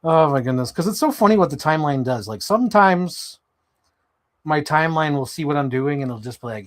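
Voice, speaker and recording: A man live streaming casually as he swaps parts on toy figures, talking in an animated way, swearing and jumping into high mock voices. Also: fairly quick.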